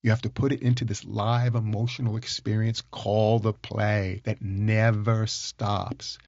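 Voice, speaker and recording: A man's voice: fairly low pitch, level tone, a little slow, darkish tone, no echo, muffled recording. A man hosting a solo podcast, teaching in an enthusiastic, emphatic way and repeating his key points. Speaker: podcast host.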